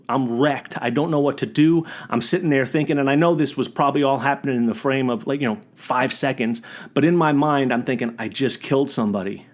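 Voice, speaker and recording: Speaking at medium pitch, this podcast host delivers a personal anecdote on his own, full of energy. His sentences often break off and begin again.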